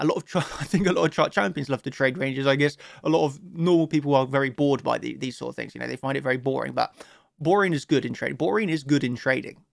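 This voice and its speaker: A man's voice: mid-range voice, creaky, no room sound, studio quality. A man hosting a casual trading analysis talk, chatty and upbeat, with many "you know" fillers. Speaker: crypto trading analyst host.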